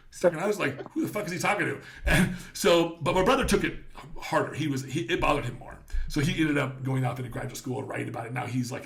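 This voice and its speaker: A middle-aged man hosting a podcast, telling stories in a casual, profane, animated way. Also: a little high, gravelly. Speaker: podcast host.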